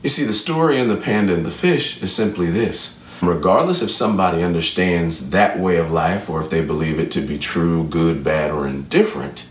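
A man's voice: deep voice, normal speed, few pauses. A man telling a fable and drawing an earnest, preacher-like motivational lesson from it. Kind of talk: motivational storytelling talk. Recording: roomy echo, from a distance.

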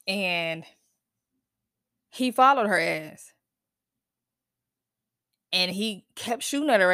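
Blunt and profane, a woman delivers a casual solo rant on her own podcast, throwing out disbelieving questions. Her middling-pitched voice comes across a bit bright. It's a dry, close-mic recording with no room around it.

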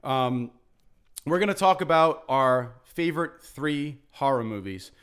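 A man's voice: mid-range voice, expressive, unhurried, fairly bright tone, clean tone. A man with a Rhode Island accent hosting a casual podcast chat, upbeat and full of fillers. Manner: upbeat, laughs often, many fillers. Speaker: podcast host.

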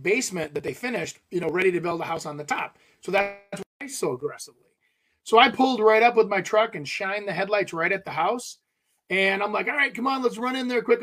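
Lively high-voiced realtor man. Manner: animated, jokey, laughs while telling stories. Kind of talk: casual storytelling chat.

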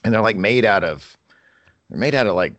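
A man's voice: on the low side, lively intonation, brisk, a bit bright, no room sound, muffled recording. A man, chatting casually as a podcast co-host and rambling with restarts. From Kentucky, USA. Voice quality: gravelly. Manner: rambling, with frequent restarts and chuckles. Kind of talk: casual chat.

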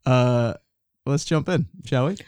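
Man with a deep radio voice, dry room. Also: slow, clear, resonant tone, no room sound. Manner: wry, deadpan jokes. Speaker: podcast co-host. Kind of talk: comedic news podcast banter.

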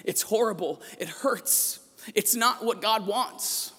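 A man preaching a sermon as a priest, telling a personal story with passion and rising to shouts at the peaks, recorded in a church. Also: high voice, slow, breathy edge. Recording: long echo of a large church.

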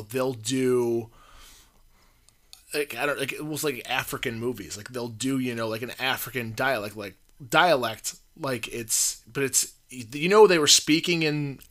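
A man's voice: mid-range voice, bright, forceful tone. A man co-hosting a podcast in casual chat, rambling and hesitant, with constant "like" fillers. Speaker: podcast co-host.

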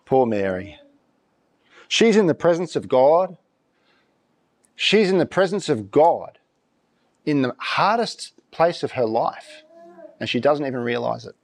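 A pastor preaching a sermon in church, talking conversationally and throwing out rhetorical questions in an animated way. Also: male voice, mid-range voice, a little slow, pauses often.

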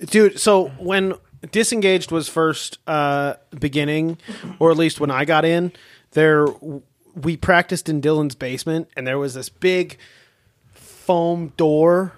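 Young guy cohost, pretty high voice, animated, swears a lot. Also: slow pace. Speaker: podcast co-host. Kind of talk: casual chat.

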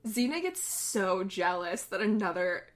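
A woman's voice: medium pitch, big pitch swings, measured pace. A young woman co-hosting a casual podcast, rambling through stories with lots of giggling. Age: young adult. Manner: giggly, rambling storytelling with frequent laughter. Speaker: podcast co-host. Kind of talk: casual chat.

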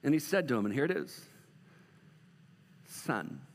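A middle-aged man preaching a sermon as a pastor, moving from loud emphatic bursts to soft, slow passages. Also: medium pitch, expressive, in a large hall.

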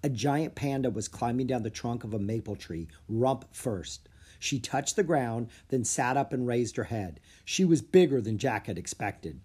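A narrator reading a children's storybook aloud with clear, lively storytelling. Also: mid-range voice, normal speed. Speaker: audiobook narrator.

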